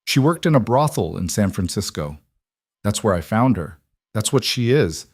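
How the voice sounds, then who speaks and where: A man's voice: fairly low pitch, very animated, normal speed, slightly rough, dry recording, studio quality, full character voice. A man voicing a cruel frontier man who talks in a sneering, contemptuous way.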